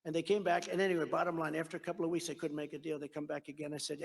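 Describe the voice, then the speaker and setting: A man's voice: fairly high pitch, little pitch movement, very fast, creaky, breathy edge, in a large hall. A man giving a rally speech in a rambling, boastful storytelling style, repeating himself. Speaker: political speaker at a rally.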